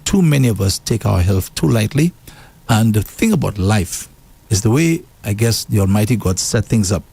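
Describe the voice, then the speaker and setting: A man co-hosting a radio show, telling stories in a lively way that jumps up in pitch. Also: moderate pace, gravelly, husky. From Saint Lucia. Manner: animated storytelling with pitch jumps. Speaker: radio co-host. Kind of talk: casual radio talk. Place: radio studio.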